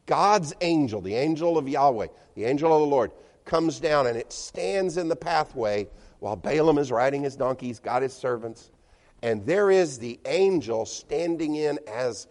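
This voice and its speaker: A male pastor preaches to his congregation in a church hall, telling stories in a chatty way punctuated by chuckles. His voice is medium-pitched and a little mellow, with long church-hall reverb on the recording.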